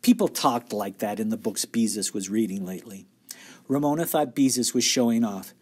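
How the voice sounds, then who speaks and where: A man's voice: fairly low pitch, normal speed, a little mellow, husky. A man reading a children's novel aloud, stopping for friendly asides to young listeners. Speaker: storybook reader.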